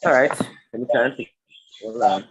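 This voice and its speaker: A man hosts a live online webinar, chatty and improvising through technical trouble as his audio breaks up over a computer mic on a video call. His voice is medium-pitched and fairly quick, and the audio is dull with a noisy background.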